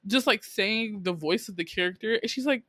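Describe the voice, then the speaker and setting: Speaking a little fast in a mid-range voice, this woman co-hosts a podcast and recaps a drama in a chatty, lively way. She keeps laughing and performs the characters' dialogue, with no room sound audible.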